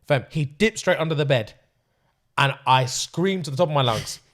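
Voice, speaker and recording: Young guy on a podcast, kinda high voice, swings up and down a lot, cracks up laughing while he tells it. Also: moderate pace. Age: 20s. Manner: excitable, laughing often, acts out quotes. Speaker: podcast host. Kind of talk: animated storytelling.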